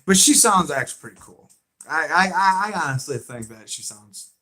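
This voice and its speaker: A man with a Southern accent hosting a livestream, chatting excitedly and emphatically with viewers, repeating his points. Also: on the high side, moderate pace. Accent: American Southern. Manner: excitable and emphatic, repeats himself, talks back to chat. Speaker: livestream host. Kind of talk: casual fan chat on a livestream.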